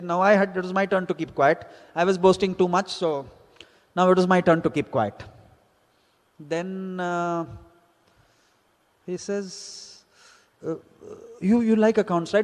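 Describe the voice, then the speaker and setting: A man, a teacher, telling a personal story from his student days and acting out the exchanges he quotes. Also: high-pitched. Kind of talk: spoken personal anecdote. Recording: hall reverb.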